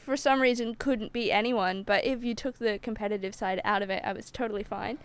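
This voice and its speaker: A woman's voice: mid-range voice, steady tone, brisk, a crowd in the background. A woman co-hosting a podcast, chatting casually with rambling restarts. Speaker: podcast co-host. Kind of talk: casual chat.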